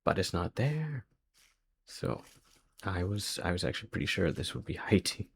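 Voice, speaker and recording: A man's voice: low voice, expressive, moderate pace, vocal fry, a bit bright, slight background noise. A man thinking aloud as he works through a quiz, hesitant and muttering guesses to himself. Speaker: quiz video host.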